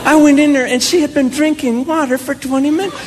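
An older woman doing stand-up, telling her story with animated, mock-indignant energy in a live stage recording with a loud audience. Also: high voice, brisk, a crowd in the background, background noise. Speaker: stand-up comedian. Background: loud audience laughter.

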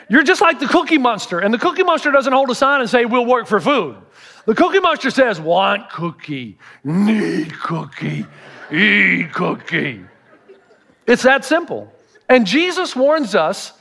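A man's voice: very high voice, a bit bright. A man preaching a sermon as a pastor, telling stories and acting out the voices of the people he quotes. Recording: reverberant hall.

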